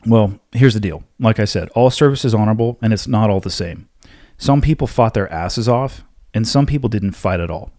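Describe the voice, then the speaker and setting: Blunt low-voiced male podcast host. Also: normal speed, no room sound, clean studio sound. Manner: blunt, forceful, lecturing. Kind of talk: solo podcast Q&A.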